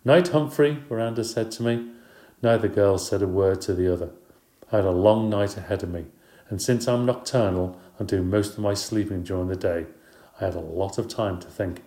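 A man's voice: sits low, steady tone, fairly quick, mellow, echoey room. A man narrating a children's story in the first person, in a light, chatty, playful way. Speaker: audiobook narrator.

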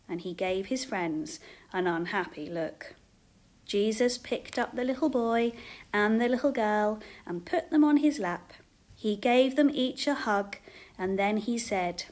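A woman reading a children's Bible story aloud for her school, slow, clear and expressive. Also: mid-range voice. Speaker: teacher reading Bible stories.

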